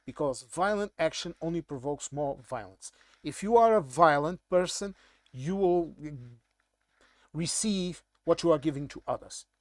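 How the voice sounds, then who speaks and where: A man's voice: a little high, lively intonation, unhurried, no room sound, clean studio sound. A man with a Portuguese accent, native in Portuguese, giving a casual, blunt and irritated monologue commentary.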